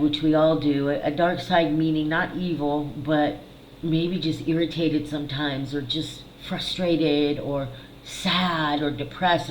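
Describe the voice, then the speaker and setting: A middle-aged woman, a psychic healer, talking candidly and haltingly to camera in a personal video, repeating words and swearing. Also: low-pitched, reverberant, slight background noise, rough recording. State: tearful at times. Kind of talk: emotional personal video monologue.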